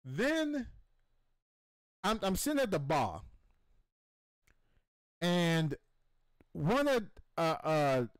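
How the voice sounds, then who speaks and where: Animated man telling a profane story. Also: on the high side, extremely slow, pauses often, clean tone, dry recording. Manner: profane, excitable, acts out voices in his stories. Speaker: show host.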